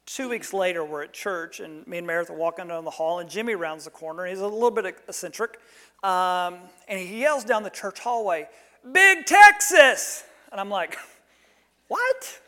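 A male pastor, likely in his thirties, telling a personal story in a sermon with animated delivery that jumps loud on quoted lines. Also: sits high, fairly quick, in a large hall.

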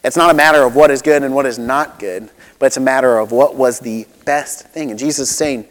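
Conversational pastor in a reverberant hall. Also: male voice, medium pitch, fairly quick. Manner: conversational, relatable, with many asides and restarts. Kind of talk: sermon.

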